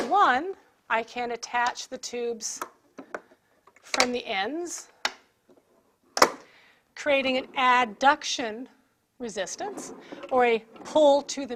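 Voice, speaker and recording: A high-pitched woman walks through an equipment setup step by step, talking as she works. There is faint noise in the background. Her tone is that of an instructor showing a product. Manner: clear step-by-step explaining while handling equipment. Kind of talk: product demonstration.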